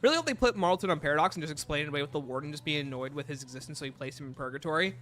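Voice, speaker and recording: A man's voice: a little high, rapid-fire, a bit bright. A young man with a sick voice, livestreaming a zombie game and chatting casually with his viewers, greeting them by name. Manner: chatty, greets chat by name, jokey asides. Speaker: gaming livestreamer. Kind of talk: casual gameplay chat with viewers.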